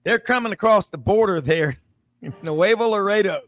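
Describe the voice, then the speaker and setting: A man's voice: sits high, lively intonation, moderate pace. A man hosting a casual sports talk show, telling rambling stories and doing the voices of the people in them. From Memphis, US South. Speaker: host.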